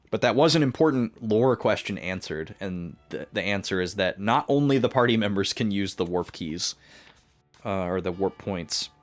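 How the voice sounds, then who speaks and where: A man streaming a video game, casually recapping last week's progress with many filler sounds and restarts. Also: lowish voice. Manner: rambling with many filler uhs. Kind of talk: casual let's-play recap.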